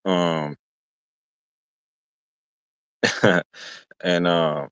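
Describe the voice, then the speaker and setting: Low-voiced man streamer, rambling and profane in casual storytelling, dry sound. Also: steady tone, very slow, fairly bright tone, smooth, no echo. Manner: slangy, profane, meandering with restarts.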